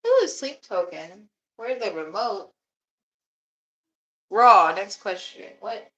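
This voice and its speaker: A woman's voice: medium pitch, animated, slow pace, pauses often, a bit bright, low-quality recording. A young woman from Alabama chatting casually on a live stream, laughing often and swearing freely.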